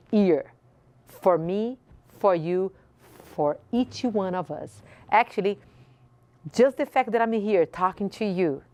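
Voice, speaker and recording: A woman's voice: on the low side, darkish tone, dry recording. A woman from Brazil with a Brazilian Portuguese accent, hosting and giving a passionate inspirational speech with repeated phrases for emphasis. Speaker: host.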